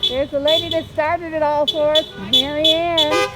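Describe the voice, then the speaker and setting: Very high-pitched older woman whooping greetings. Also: little pitch movement, moderate pace, very noisy. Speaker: videographer at a birthday drive-by. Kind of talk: casual greetings while filming. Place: outdoors at a parking lot. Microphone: handheld camera she is filming with.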